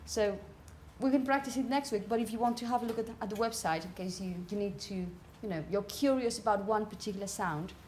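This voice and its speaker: A woman's voice: mid-range voice, a little fast, few pauses, a little mellow, a little hiss or hum. A woman teaching a pronunciation class, calling on students by name and correcting them encouragingly. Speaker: phonetics teacher.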